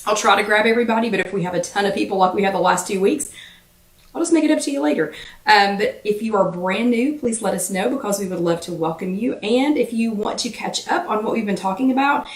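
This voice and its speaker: A woman with a Southern US accent hosts a live chat, talking fast and greeting viewers by name, her voice still slightly irritated. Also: mid-range voice, reverberant, recorded from a distance. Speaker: host of a live weight-loss chat.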